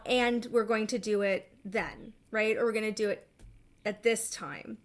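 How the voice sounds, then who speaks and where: A middle-aged woman therapist explaining steps in a measured way, often checking in with "right?". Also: on the high side, fairly even intonation. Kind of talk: therapy session talk.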